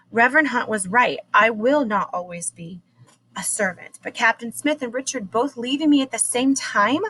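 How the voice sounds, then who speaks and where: A woman's voice: a little high, fairly bright tone, poor audio. Woman teacher reading a chapter book aloud. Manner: measured, unhurried reading with small slips.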